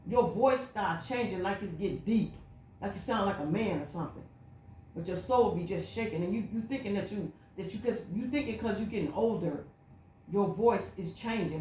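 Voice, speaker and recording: A woman's voice: medium pitch, a little mellow, slight background noise. A woman vlogging a personal spiritual monologue, telling her story in an emphatic, repetitive, looping way. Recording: echoey room.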